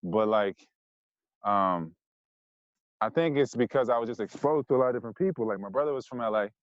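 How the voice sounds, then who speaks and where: A man's voice: mid-range voice, a little fast, no echo, dull audio. A man in his thirties with a mixed American accent and a slightly nasal voice, a podcast guest talking loosely with lots of fillers. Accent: mixed American, Californian with Jersey and Detroit touches. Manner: loose and rambling, many "like" and "you know what I mean" fillers. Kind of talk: casual conversational interview.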